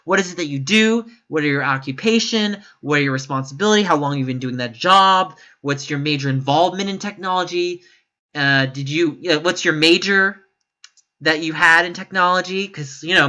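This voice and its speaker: A man delivers opinion commentary for his vlog in a bright, forceful voice. He rambles and corrects himself as he goes, then jumps up into high, exasperated outbursts when he disagrees. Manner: emphatic and exasperated, with sudden high-pitched outbursts. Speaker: YouTube commentator.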